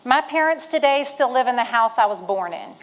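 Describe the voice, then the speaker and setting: A middle-aged woman tells stories from the stage in a somewhat high voice. She is folksy and humorous, and she draws her listeners in like a retired Marine speaking to a room of fellow veterans. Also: animated, fairly quick, rough recording. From western Virginia, Shenandoah Valley. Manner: folksy and humorous, rallying the audience. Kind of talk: storytelling speech to an audience.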